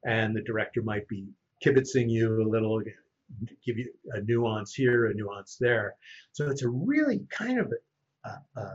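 A man's voice: fairly low pitch, moderate pace, husky, dull audio. A man who works as a voice actor, telling anecdotes in a casual chat. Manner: animated anecdote teller. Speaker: voice actor guest.

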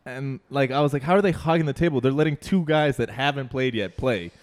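A man's voice: medium pitch, fairly quick, noisy background. A young man co-hosting a podcast, chatting casually, swearing and laughing while retelling a story. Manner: laughs often, swears, retells with quoted voices. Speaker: podcast co-host. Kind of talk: casual chat.

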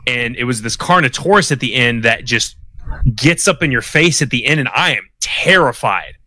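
A man co-hosting a podcast, telling stories in a lively, enthusiastic casual chat. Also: mid-range voice, moderate pace. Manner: enthusiastic, animated storyteller. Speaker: podcast co-host.

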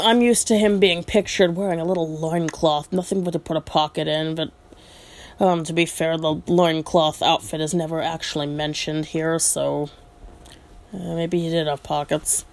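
Female reader, slow and lowish, relaxed read-aloud with chatty asides and ums. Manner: thoughtful, musing asides, frequent ums. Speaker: storyteller. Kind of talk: reading a book aloud with asides.

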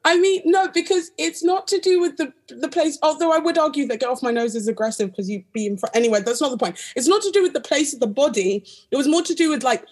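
A young woman co-hosting a casual chat podcast, telling a story in an animated, insistent way. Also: high voice, quick pace, hardly any pauses. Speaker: podcast co-host.

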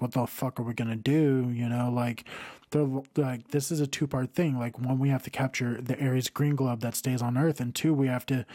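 A man's voice: mid-range voice, a little mellow. A man hosting a podcast, giving a rambling, profanity-heavy film review in a casual rant. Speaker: podcast host reviewing films.

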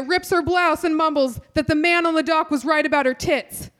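A woman reading her own raunchy comedy piece aloud on a live theater stage, deadpan, breaking into loud bursts. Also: very high-pitched, normal speed, few pauses.

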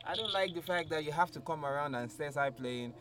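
A man's voice: on the high side, fairly quick, background noise. A man hosting a casual interview, asking playful, teasing questions. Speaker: host.

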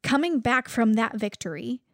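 A woman preacher giving an informal, conversational sermon, often pausing to search for words. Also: fairly high pitch, expressive, a bit bright, dry recording, clean studio sound.

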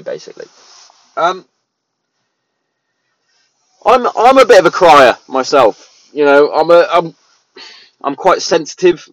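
A man's voice: mid-range voice, dry recording. A man, a father giving his views in a loose, rambling monologue full of restarts and fillers. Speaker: parent sharing opinions. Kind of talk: casual monologue.

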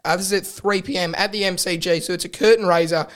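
A man's voice: sits high, steady tone, fast talker, a bit bright. A young man with an Australian accent hosting a casual sports podcast, telling rambling stories and laughing often. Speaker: podcast host. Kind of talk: casual chat.

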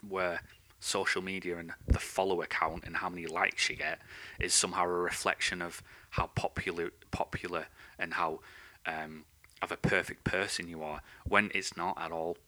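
A man with a low, forceful voice rants without a script, swearing constantly and sounding angry. His delivery is tense and pushy. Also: flat delivery, moderate pace. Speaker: podcast host. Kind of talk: unscripted ranting monologue.

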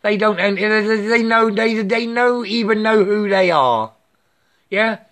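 A man's voice: sits high, slow pace, a bit bright. A man in his late fifties giving a rambling spiritual monologue, swearing freely and tagging most sentences with "yeah?". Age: 50s. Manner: profane, repetitive, keeps asking "yeah?".

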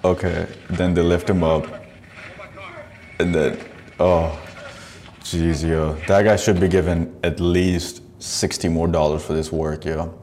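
A man's voice: low voice, little pitch movement, slow pace, a little mellow. A man hosting a podcast, commenting on videos in a profane, rambling way and laughing often. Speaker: podcast host.

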